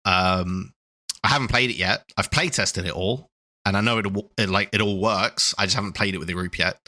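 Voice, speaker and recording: Podcast co-host, man in his thirties, excitable and giggly, very bright tone. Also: low voice, a little fast. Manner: laughs often, lively and excitable. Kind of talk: casual chat.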